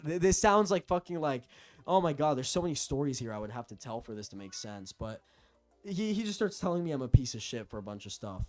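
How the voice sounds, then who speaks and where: A man's voice: medium pitch, big pitch swings, fairly quick, soft background music. A young man telling a personal story in a casual rant, profane, rambling and agitated. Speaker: storytelling vlogger.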